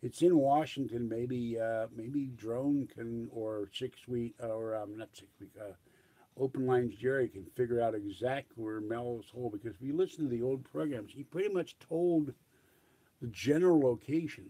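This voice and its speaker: An older man with a husky, breathy voice rambles through a casual solo monologue. He drifts from memory to memory and lets his sentences trail off into quiet mumbles. His pitch sits in an ordinary middle range. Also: normal speed.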